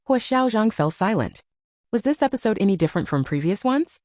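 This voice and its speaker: A woman narrates a romance novel in steady audiobook style. Her low voice moves through a lively, animated range, and the recording is close and dry with no room sound. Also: fairly quick, dry recording.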